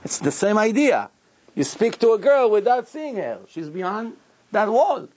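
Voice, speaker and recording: A man's voice: sits high, moderate pace. A man teaching as a rabbi, telling a story with acted-out dialogue, questions to listeners and non-native English grammar. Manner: animated, acts out dialogue, asks the audience questions. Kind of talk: Torah lecture with storytelling.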